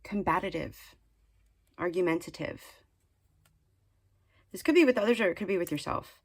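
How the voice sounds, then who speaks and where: A woman's voice: lowish voice, lively intonation, normal speed, husky. A woman giving a casual spiritual tarot reading, chatty and rambling with many fillers and restarts, earnestly nudging the listener. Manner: earnest, mildly scolding encouragement. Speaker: tarot card reader.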